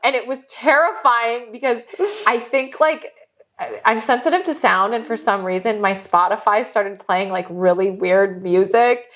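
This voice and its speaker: A woman's voice: fairly high pitch, a little slow, a bit bright. A woman co-hosting a podcast, telling stories in casual chat, candid and profane, often laughing as she talks. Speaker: podcast co-host.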